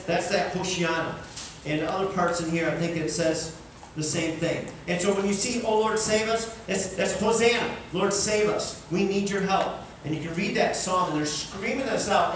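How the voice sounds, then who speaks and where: A man preaching a sermon as pastor, animated and rising to fervent cries. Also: sits high, background noise. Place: large church sanctuary. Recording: echoey room, miked from far off.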